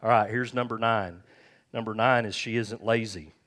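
A man's voice: fairly low pitch, steady tone, moderate pace, fairly bright tone. A man preaching a sermon as pastor, folksy and joking, calling on the congregation for amens. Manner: calls for amens from the crowd.

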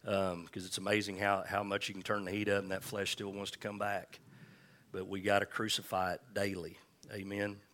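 A man preaching a conversational sermon to a congregation, reading scripture slowly and calling for responses, with joking asides. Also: deep voice, completely flat delivery, fairly bright tone. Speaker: pastor.

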